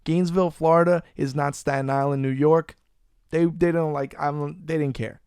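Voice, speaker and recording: A man hosting a podcast, telling a long story in a loose, animated, profane way. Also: on the high side, moderate pace, clear, resonant tone, dry recording, clean studio sound. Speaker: podcast host. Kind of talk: casual storytelling chat. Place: Florida.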